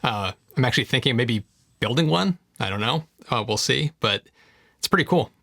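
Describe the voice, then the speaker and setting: A man's voice: mid-range voice, lively intonation, moderate pace, vocal fry, a bit bright, dry recording, clean studio sound. A man co-hosting a tech podcast, speaking emphatically and with strong opinions. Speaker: podcast co-host. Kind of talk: casual tech chat.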